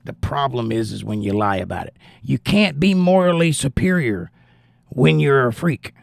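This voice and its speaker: Gravelly, blunt talk-stream host. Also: male voice, mid-range voice, animated, moderate pace, dry recording, studio quality. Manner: blunt, opinionated, conversational. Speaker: livestream host reading chat. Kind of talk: casual political commentary.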